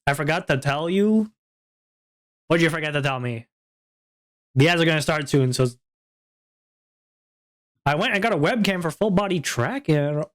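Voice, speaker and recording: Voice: mid-range voice, expressive, moderate pace, long pauses. A VTuber streamer in casual live-stream chat, joking around and reading viewers' messages aloud before answering them. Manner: playful, goofy, jokey banter.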